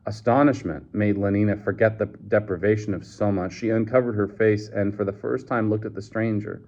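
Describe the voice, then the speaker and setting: A man with a low voice reads a novel aloud at a measured pace, now and then stumbling and restarting a phrase. The recording is dull and lo-fi. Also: fairly even intonation, darkish tone. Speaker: reader.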